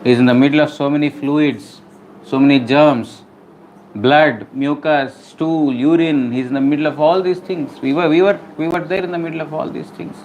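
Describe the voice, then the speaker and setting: A man's voice: fairly high pitch, normal speed, dull audio, slight background noise. A man giving a devotional lecture, acting out scenes and singing verses between explanations. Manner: animated, acts out scenes. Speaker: preacher.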